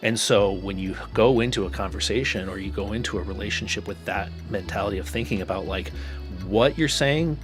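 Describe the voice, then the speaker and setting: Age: adult. Sex: man. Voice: low. Style: chatty therapist co-host. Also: a little fast, music in the background. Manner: loose and chatty, full of fillers. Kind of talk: casual podcast chat.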